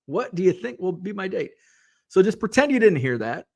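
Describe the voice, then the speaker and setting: A man chats casually through a hobby livestream, his voice sitting a little high. He rambles, drops fillers and reads viewers' comments aloud as they come in. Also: big pitch swings, fairly quick. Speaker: livestream host reading chat.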